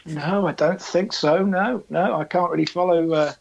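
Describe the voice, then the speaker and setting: A man's voice: fairly high pitch, steady tone, moderate pace, vocal fry, muffled recording. A man who is a guest on a football podcast, teasing the hosts in a dry manner. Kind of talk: casual chat.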